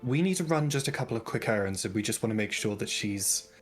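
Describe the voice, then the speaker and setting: A man's voice: fairly low pitch, expressive, fast talker, faint music behind. A man playing a tabletop game, polite and a bit hesitant. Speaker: player. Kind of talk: tabletop role-play.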